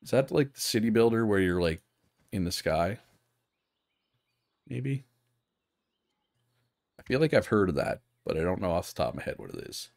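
A man with a low, deep voice gives casual live commentary on a strategy game. He thinks aloud and stops to answer viewers' chat. The recording is dry and close. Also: very animated, moderate pace, creaky, pauses often, darkish tone, no room sound. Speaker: streamer.

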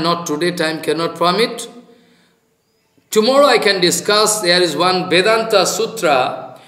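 A spiritual teacher preaches in halting, animated but unhurried. His voice sits high and moves slowly. The sound rings in a roomy, echoing space. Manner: slow, halting, animated storytelling with chanted Sanskrit verses. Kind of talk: devotional sermon with storytelling. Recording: roomy echo.

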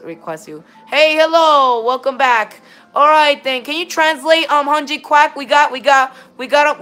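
Slightly high and a bit bright, this woman's voice carries casual chatter to viewers during a game stream. She often trips over her words, begins again, and says "all right, then."

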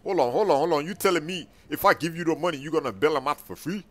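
A young man hosting an improvised game role-play, loud and excitable, talking in slang and calling out to his viewers. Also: on the high side, fast talker. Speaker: channel host.

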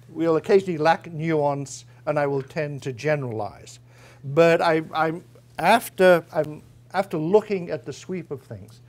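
A man's voice: a little high, a little mellow. A man giving an academic guest lecture, conversational and wry, with frequent small hesitations. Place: university lecture room.

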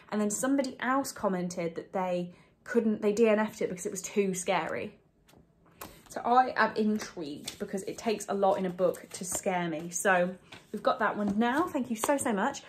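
A young woman talking casually to camera from home about books, in a rambling, apologetic way. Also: mid-range voice. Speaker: book vlogger. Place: home, indoors.

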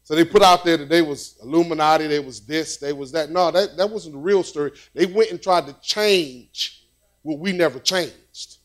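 High-voiced man preaching conversationally. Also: normal speed. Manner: conversational preaching with repetitions and storytelling. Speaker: pastor. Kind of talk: sermon.

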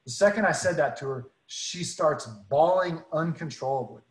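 A man's voice: a little high, normal speed, roomy sound, rough recording. Earnest man telling a faith story. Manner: earnest, many restarts and repeated words. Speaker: guest speaker.

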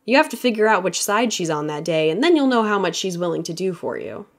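A woman reading a quiet, resigned young male designer. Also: on the low side, sing-song, fast.

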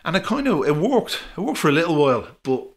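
A man's voice: on the high side, sing-song, quick pace. A middle-aged Irish man telling rambling, chatty anecdotes as a podcast guest, with frequent fillers. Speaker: podcast guest, former referee. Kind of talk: casual storytelling.

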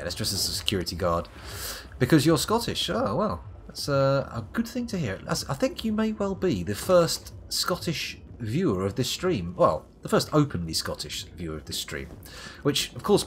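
Playing a game on stream, this Englishman with a southern accent from around London swears and mutters sardonically to himself. His voice is mid-range, and there's slight background noise.

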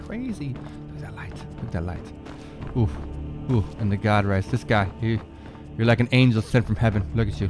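A man giving casual, excitable gameplay commentary, rambling with fillers and cursing as he talks to the screen. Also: lowish voice, poor audio. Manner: rambling with many fillers and repeats. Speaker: gamer showing off a modded game.

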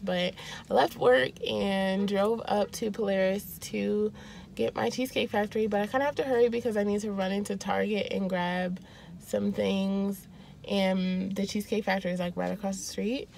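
A young woman chats to her camera in a casual vlog, self-deprecating and lively. Her voice sits in the middle of the range for a woman. The room is echoey, with faint noise behind her. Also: mid-range voice, vocal fry. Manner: chatty and self-deprecating, with drawn-out excited exclamations. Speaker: vlogger.

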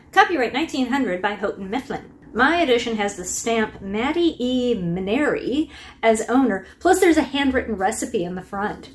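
A woman's voice: on the high side, animated, moderate pace. A woman hosting a casual book review, chatty and wry, with laughing asides.

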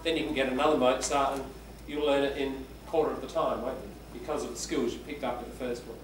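A man's voice: medium pitch, fairly even intonation, quick pace. A man teaching an English class, patiently explaining and demonstrating word stress by reading aloud. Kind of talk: classroom lesson. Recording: echoey room, far from the mic, background noise.

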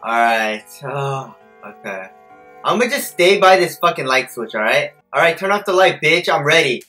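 A young man playing a horror game on stream, cursing and muttering to himself before bursting into yelps. His voice is bright and lively, leaping up and down in pitch. Faint game music plays underneath. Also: normal speed. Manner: jumpy, profane, swings from mutters to shouted panic. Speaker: gameplay streamer.

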